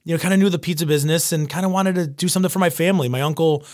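Fast-talking, animated chef. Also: male voice, fairly high pitch, no echo, clean studio sound. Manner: rambling, animated, acts out quoted voices. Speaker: chef and pizza shop owner. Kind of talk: casual interview chat.

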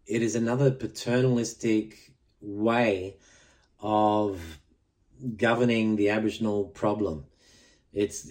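A man with an Australian accent hosts his podcast in an earnest, plain-spoken way. His voice sits low and sounds warm and mellow. He talks directly to the listener. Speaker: podcast host.

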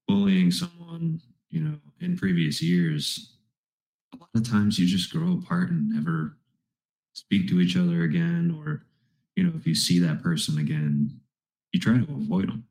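A young man with a very deep, gravelly voice, stuffed-up as if he has a cold. He talks thoughtfully and easily, his pitch swinging lively up and down, in an echoey room. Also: a little slow. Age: 20s. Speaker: podcast co-host. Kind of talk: casual chat.

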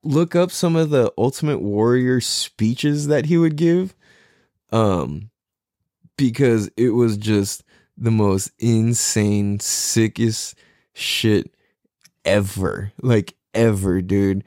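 A young man in a casual, profane, excitable monologue full of slang. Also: fairly low pitch, slow pace, no room sound, clean studio sound.

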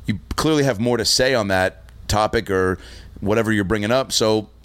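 Lowish-voiced man telling a wild story. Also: moderate pace, clean tone. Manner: animated storyteller, swears freely, acts out quotes loudly. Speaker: stand-up comedian. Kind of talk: casual storytelling chat.

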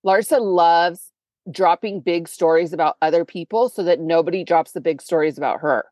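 A young adult woman co-hosting a podcast in casual chat, blunt and animated, swearing often. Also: fairly low pitch, moderate pace, dry recording. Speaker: podcast co-host.

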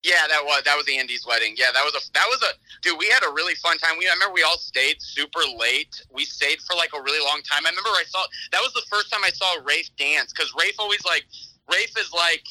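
A man's voice: fairly high pitch, fast, pushed and bright, no echo, low-quality recording. A young man calling in to a podcast, telling a story in a rambling, laughing way with many restarts. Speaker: caller on a podcast. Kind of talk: casual storytelling on a call.

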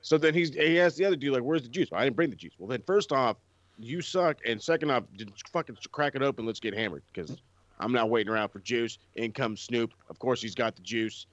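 A man's voice: medium pitch, fairly quick, no echo, highs cut off. A man on a wrestling podcast, ranting in a casual, profane way and mimicking people he mocks. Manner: profane, ranting, quotes people in mocking voices. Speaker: podcast co-host. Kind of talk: casual chat.

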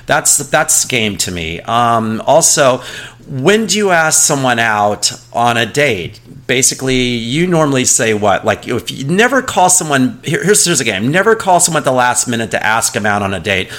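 Animated, joking male podcast co-host. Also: medium pitch, normal speed. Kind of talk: casual podcast chat.

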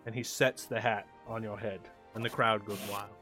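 A man's voice: lowish voice, flat delivery, normal speed, sharp tone, soft background music. A man running a tabletop game, narrating in a casual, rambling way. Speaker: game master.

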